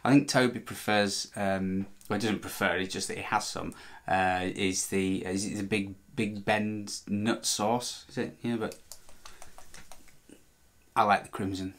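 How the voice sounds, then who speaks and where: A man's voice: fairly low pitch, fairly even intonation, a little slow, a bit bright. A man talking casually as he works on a guitar, meandering and correcting himself with dry little jokes. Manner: chatty, meandering, self-correcting, dry joking. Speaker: vlogger restoring a guitar. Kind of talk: casual talk while working.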